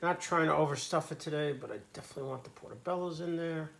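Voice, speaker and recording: A man's voice: a little high, fast talker, gravelly, fairly bright tone. A man cooking at his home stove and talking to the camera in a casual demo, in a jokey put-on Italian accent. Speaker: home cook.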